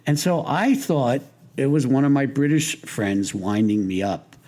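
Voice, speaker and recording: In a relaxed storytelling interview, an older male guest wanders through lengthy anecdotes with evident amusement, frequently backing up mid-sentence. He has a warm, expressive mid-range voice and talks a little slowly.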